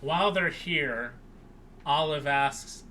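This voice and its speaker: A young man co-hosting a podcast, recapping a film in casual chat and acting out the characters' lines in an animated way. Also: fairly high pitch, takes it slowly, slight background noise. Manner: animated, acts out quoted lines with raised voice. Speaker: podcast co-host.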